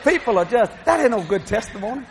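A middle-aged man preaching a sermon, telling lively stories with laughing asides. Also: high voice, fast talker, a faint crowd, a little hiss or hum. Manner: storytelling, animated, laughing asides.

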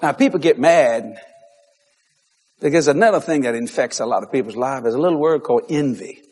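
A man's voice: medium pitch, animated, a little fast, darkish tone, husky. A man with a Cajun accent, preaching humorously through childhood stories and laughing as he tells them.

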